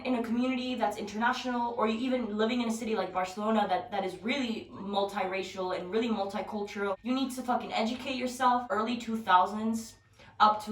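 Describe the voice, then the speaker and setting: A young woman vlogging at home in a blunt, profane, animated rant, recorded from a distance with background music. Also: mid-range voice. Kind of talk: casual rant to camera. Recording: roomy, distant from mic, music behind.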